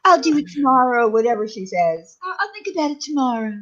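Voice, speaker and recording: A woman with a New York accent putting on an exaggerated Southern belle drawl, sweet, chatty and slow, in a slightly dull lo-fi recording. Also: high voice, big pitch swings. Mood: dramatic.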